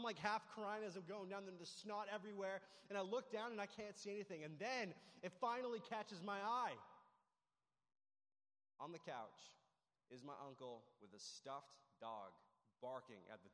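A man's voice: high voice, expressive, normal speed, fairly bright tone. A young adult man preaching a casual sermon, telling personal stories with lots of "like" and "right?". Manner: casual, storytelling, frequent "like" and "right?". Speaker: pastor. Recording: long hall reverb.

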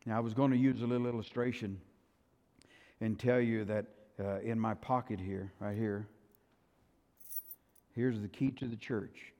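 A man preaching a sermon as pastor, telling the story dramatically with loud, high bursts and quiet, plain-spoken asides. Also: fairly even intonation, measured pace, pauses often, muffled recording. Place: church sanctuary. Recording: long hall reverb.

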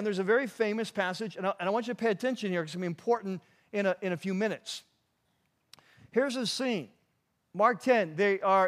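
A man preaching a sermon in a conversational way, with frequent restarts and asides to the congregation. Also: high voice. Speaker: pastor.

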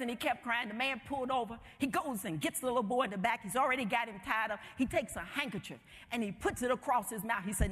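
A woman's voice: fairly high pitch, fast, hardly any pauses, fairly bright tone, breathy edge. A woman preacher delivering a sermon in an emphatic, rhythmic way, heard in a hall with long reverb.

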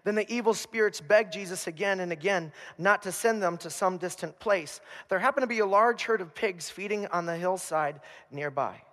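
A man preaching a sermon as pastor, telling the story with humor and animated asides. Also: high voice, moderate pace, few pauses, in a large hall. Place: church.

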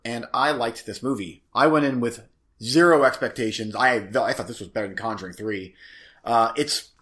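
A man's voice: mid-range voice, normal speed, fairly bright tone. A man co-hosting a casual movie review chat, rambling and hesitant as he sums up plots and gives his opinions. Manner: rambling, hesitant, full of restarts. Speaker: podcast co-host.

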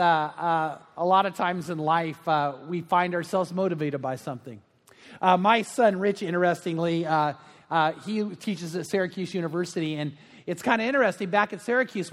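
High-voiced middle-aged preacher. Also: male voice, in a large hall. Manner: anecdotal storytelling with frequent fillers. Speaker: pastor. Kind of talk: sermon.

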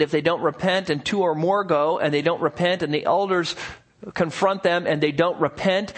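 High-voiced man preaching a sermon. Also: fairly bright tone. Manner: earnest, emphatic teaching with rhetorical questions. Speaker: pastor. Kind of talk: expository sermon.

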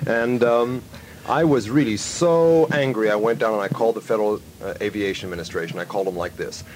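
Rambling male storyteller, lively. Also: lowish voice, fast, slight background noise, rough recording. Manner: rambling, animated storyteller who acts out phone calls. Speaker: radio show host. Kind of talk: loose studio chat and storytelling.

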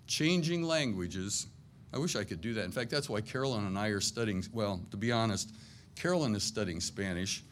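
A man's voice: on the low side, brisk, slight background noise. A middle-aged man preaching a sermon to a congregation in a church, conversational and self-deprecating, with jokey asides. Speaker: pastor.

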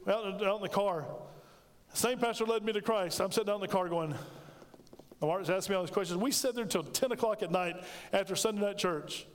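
A man's voice: sits high, fast, long reverb tail. A middle-aged man preaching a sermon, telling a personal story and acting out the dialogue. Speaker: pastor.

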